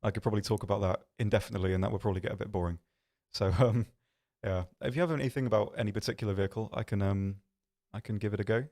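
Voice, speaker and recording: A man hosting a game livestream from an office, answering viewer questions in a rambling, self-deprecating way with many pauses and restarts. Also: lowish voice, steady tone, mellow. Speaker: stream host. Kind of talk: casual livestream chat reading viewer questions.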